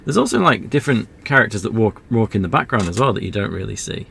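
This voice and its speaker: Low gravelly man rambling over gameplay. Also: lively intonation, quick pace, fairly bright tone. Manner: rambling, self-deprecating, chatty asides. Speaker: streamer. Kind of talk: casual gameplay commentary.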